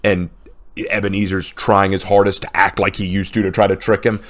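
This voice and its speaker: A man with a fairly low voice talking casually and eagerly about movies he loves. He retells scenes with lively energy, slipping into quoted lines. Relaxed, conversational delivery. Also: brisk. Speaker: co-host of a movie list video. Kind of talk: casual chat.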